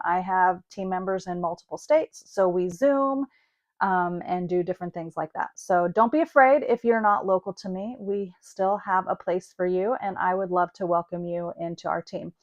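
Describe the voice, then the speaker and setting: A woman's voice: fairly low pitch, muffled recording. A woman hosting a casual online card-making class, chatting as she works. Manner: chatty, thinks aloud while working. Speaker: craft class host. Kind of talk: casual craft demonstration.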